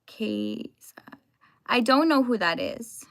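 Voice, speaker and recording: A woman's voice: on the high side, expressive, slow pace, gravelly. A young woman live streaming from home, chatting casually and greeting her viewers by name.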